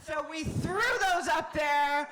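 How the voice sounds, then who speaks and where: Animated woman comic in a roomy club. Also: sits high, slow. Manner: animated, with loud shouted bursts and wry asides. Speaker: stand-up comedian. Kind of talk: stand-up comedy set. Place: comedy club.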